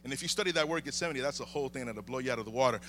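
A middle-aged male preacher giving an animated sermon, calling for amens and swinging between shouts and hushed asides. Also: mid-range voice, racing, slight background noise.

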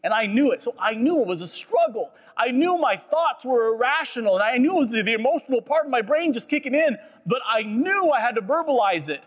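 A man's voice: extremely high pitch, lively intonation, brisk, few pauses. A man preaching a sermon as a pastor, earnest and personal, often repeating phrases and checking in with "right?". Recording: echoey hall.

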